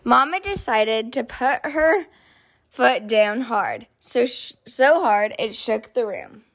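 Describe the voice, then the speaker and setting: A woman reading a children's picture book aloud in an expressive, sing-song storytelling manner. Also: on the high side, slow pace, no room sound. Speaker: storybook reader.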